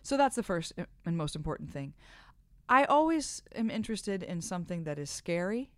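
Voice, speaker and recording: A middle-aged actress, a guest in a podcast interview, telling animated, self-deprecating stories from the stage. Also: female voice, on the low side, moderate pace, no room sound. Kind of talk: conversational interview.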